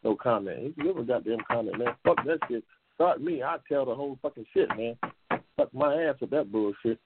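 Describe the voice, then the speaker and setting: A man hosting a call-in talk show, heated and profane, repeating himself and jumping into high outbursts. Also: animated, fairly quick, background noise. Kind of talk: loud profane call-in chat. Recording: phone-like lo-fi audio.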